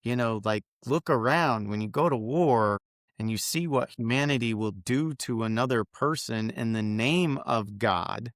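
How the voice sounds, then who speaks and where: A man's voice: medium pitch, a little slow, no echo, clean studio sound. A man, a veteran guest on a podcast, talking candidly and bluntly with frequent swearing.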